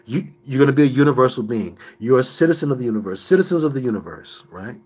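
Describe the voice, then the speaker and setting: A man's voice: mid-range voice, animated, fast talker, darkish tone, slightly rough. A man hosting a livestream, answering viewer questions in an emphatic, preachy way with mocking asides.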